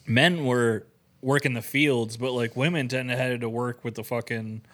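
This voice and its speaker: A man's voice: medium pitch, fairly even intonation, moderate pace, a bit bright. A young man co-hosting a podcast in loose, profane casual chat, full of "like" fillers. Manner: loose, swearing, filler-heavy. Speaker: podcast co-host.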